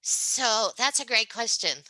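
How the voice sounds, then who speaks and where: A woman's voice: on the high side, animated, unhurried, pushed and bright, no room sound, low-quality recording. A woman speaking as a podcast guest, telling stories casually and animatedly, often tagging sentences with "right?" and laughing. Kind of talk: casual conversational storytelling.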